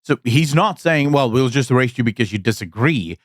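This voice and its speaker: Male commentary host, mid pitch, blunt and emphatic, close dry sound. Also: expressive, a little fast, no echo. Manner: blunt, emphatic, sarcastic asides. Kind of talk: opinion commentary monologue.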